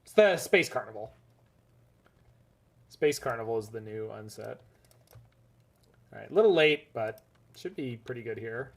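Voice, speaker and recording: A man of middle pitch gives loose, casual commentary on his card game matches. He rambles and jokes, laughing often. His energy jumps from excited high bursts down to low, half-swallowed mutters. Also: unhurried, vocal fry, long pauses. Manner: swings between bursts of enthusiasm and low muttering. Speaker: gaming streamer.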